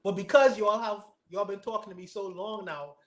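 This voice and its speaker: A man's voice: high voice, steady tone, moderate pace, fairly bright tone. A man from the Caribbean with a Bahamian accent, musing casually in an online group discussion and repeating his words as he starts. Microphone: online call.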